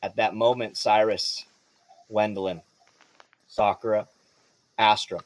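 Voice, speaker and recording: A man runs a tabletop game with a somewhat high, animated voice, cursing freely as he narrates. His voice sounds dry and close, with no room around it. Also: a little fast, no echo. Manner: animated, swears freely, laughs often. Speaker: game master.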